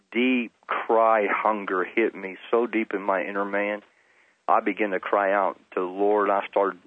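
A man's voice: fairly low pitch, dry recording. A middle-aged man, a Baptist pastor, earnestly telling his testimony in an interview, often repeating words for emphasis. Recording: dry, phone-like line.

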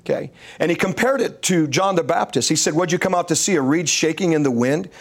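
Guy with a high voice preaching prophecy on a talk show, slow and building loud. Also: gravelly. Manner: rising into loud emphatic proclamations. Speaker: prophetic guest.

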